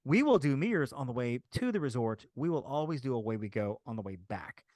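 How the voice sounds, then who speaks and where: A man's voice: mid-range voice, a little fast, dry recording. A man co-hosting a podcast, telling a story in casual chat and acting out what he and others said. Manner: animated storytelling, acts out his own quotes. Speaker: podcast co-host.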